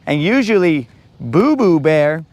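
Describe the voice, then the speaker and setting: A man's voice: a little high, very animated, slow pace, a little mellow. A man chatting casually and teasing his brother while fishing from a boat on a lake. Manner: teasing, joking banter. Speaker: fishing vlogger. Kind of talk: casual live-stream chat.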